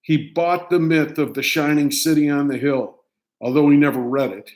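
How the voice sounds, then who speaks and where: Older American man, somewhat high voice, reads his own essay in clipped, deliberate phrases. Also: steady tone, darkish tone. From United States. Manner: measured, declamatory reading in short phrases. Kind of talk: reading a personal essay aloud.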